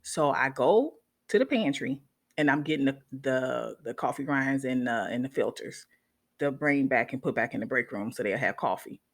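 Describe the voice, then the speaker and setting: A woman, a nurse, telling a story casually to her viewers in an animated way, often checking in with them. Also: rumbling low, moderate pace.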